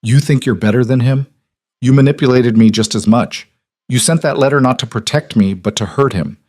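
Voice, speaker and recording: A man voicing a desperate young noblewoman in an audiobook romance, earnest and steady. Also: medium pitch, brisk, dry recording, clean studio sound, natural voice. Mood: resolute.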